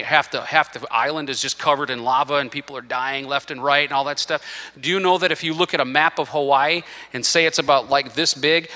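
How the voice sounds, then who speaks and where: A man preaching a sermon as pastor, earnest and emotional, pressing his points with rising urgency. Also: pushed and bright. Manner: impassioned preaching that climbs to urgent, high-pitched emphasis. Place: church sanctuary. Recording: long hall reverb from a church room.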